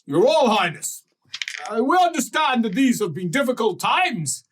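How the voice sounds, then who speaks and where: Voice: medium pitch, big pitch swings, normal speed, recorded from a distance, pitched above the performer's own voice. A game master doing a stammering, flustered male ambassador. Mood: formal. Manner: stammering, hesitant, apologetic. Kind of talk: improvised tabletop role-play.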